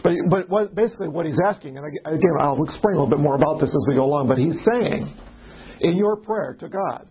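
A pastor leads an informal Bible study in a conversational way, often restarting sentences and acting out little dialogues. His male voice is fairly high, expressive, fast and husky. The audio is narrow and tinny.

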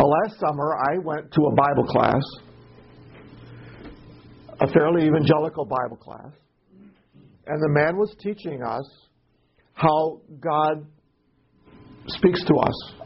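A man leading a Bible study class in a casual teaching style, halting and repeating words and posing questions to the group. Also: on the high side, creaky, slightly rough, lo-fi sound.

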